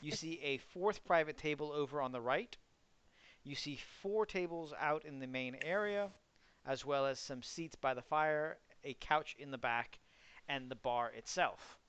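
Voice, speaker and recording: A man's voice: on the high side, measured pace, a bit bright, clear, resonant tone, highs cut off. A young man running an online tabletop game as game master, describing the scene in a casual, filler-heavy way. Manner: casual, loose, many fillers.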